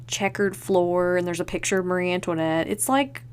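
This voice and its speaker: A woman's voice: lowish voice, animated, moderate pace, slight background noise. A woman hosting a podcast, chatting casually and enthusiastically and leaning on fillers like "like". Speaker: podcast host.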